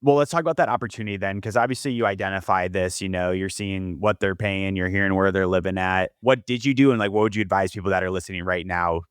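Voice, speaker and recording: A male podcast host asks his guest questions in a casual, upbeat way. His voice is on the low side and moves at a quick clip, recorded dry and close. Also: smooth, dry recording. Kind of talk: podcast interview.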